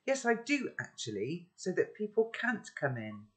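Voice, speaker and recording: A man's voice: huge pitch swings, a little slow, fairly bright tone, full character voice. Man doing a defiant young girl. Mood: indignant. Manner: high, questioning, defiant. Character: young girl, startled but indignant.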